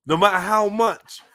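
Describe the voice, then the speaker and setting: A man from South London with a London accent, hosting a live podcast and reacting to a played clip in an animated, slangy, incredulous way. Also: sits high, no echo, studio quality. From South London, England. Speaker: podcast host.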